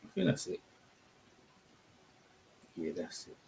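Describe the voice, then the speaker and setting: Speaking slowly in a darkish tone, a man hosts a casual boxing live stream, and a bit of hiss or hum runs under the recording. He chats loosely with viewers, rambling and fixing his own words mid-sentence.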